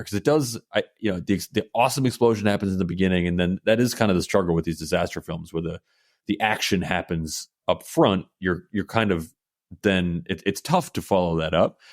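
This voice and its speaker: Deep-voiced man breaking down a movie. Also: dry recording, studio quality. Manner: measured, analytical, repeats words while thinking. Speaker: podcast co-host. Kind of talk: casual film review chat.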